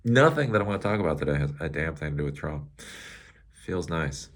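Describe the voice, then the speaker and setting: A man's voice: very deep voice, animated, fairly quick. A middle-aged man hosting a casual, rambling tech commentary show, sarcastic and laughing at his own jokes.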